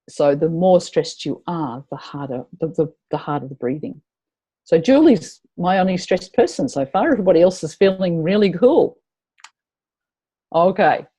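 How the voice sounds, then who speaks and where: A woman's voice: lowish voice, mellow, breathy edge. A woman leading a live tapping webinar, chatty and encouraging as she guides her attendees.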